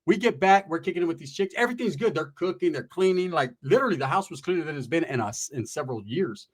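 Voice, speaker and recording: A man's voice: on the high side, lively intonation, quick pace. A man doing streetwise, profane storytelling stand-up comedy in a rambling, casual manner.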